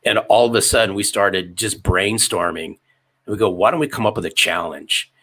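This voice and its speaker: A sales author in his fifties speaks as an interview guest. His voice sits low yet sounds bright and forceful. He drives his points with emphatic repetition. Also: normal speed. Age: 50s. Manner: emphatic, repeats phrases for effect. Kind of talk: storytelling interview answers.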